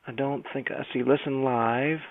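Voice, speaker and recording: A man calling in to a radio show and chatting casually. His manner is relaxed and friendly, in a middle-pitched voice. The sound is dry. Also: moderate pace, creaky, no room sound, phone-quality sound. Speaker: caller, rock musician. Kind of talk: casual phone chat.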